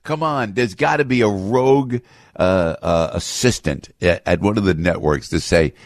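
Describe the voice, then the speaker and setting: A man hosting a talk radio show, ranting in an animated, opinionated way with loud outbursts. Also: sits low, moderate pace, no echo. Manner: animated, breaks into loud outbursts and mocking voices.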